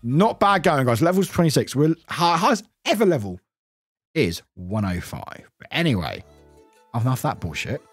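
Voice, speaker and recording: A man's voice: mid-range voice, big pitch swings, normal speed, no room sound, studio quality, soft background music. A man streaming a game and chatting casually with his viewers, rambling along, laughing often and swearing freely. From United Kingdom. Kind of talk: casual chat with viewers while gaming.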